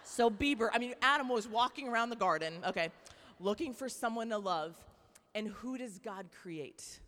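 A young woman giving a lively faith talk to women, chatty and playful with many likes and okays. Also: fairly high pitch, moderate pace, big-room sound. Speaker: speaker at a Christian women's event.

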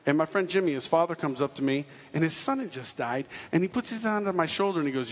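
A man's voice: fairly high pitch, fast talker, few pauses. A man giving a jokey storytelling talk to a live audience, acting out the people in his story. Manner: animated, jokey, acts out quotes. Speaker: speaker giving a testimony talk. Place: large hall on stage. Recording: reverberant hall with faint ambience.

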